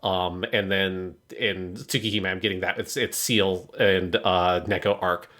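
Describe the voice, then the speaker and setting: A man's voice: low voice, steady tone, measured pace, fairly bright tone. A man co-hosting a podcast, picking apart a story in casual, analytical chat and swearing now and then. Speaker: podcast co-host.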